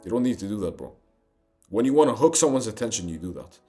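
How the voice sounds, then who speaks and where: A man's voice: fairly low pitch, sing-song, fast, mellow, faint music behind. Intense young man, emphatic profane pep talk. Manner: intense, emphatic, profane, addresses listener as bro. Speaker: self-improvement influencer. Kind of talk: motivational monologue to camera.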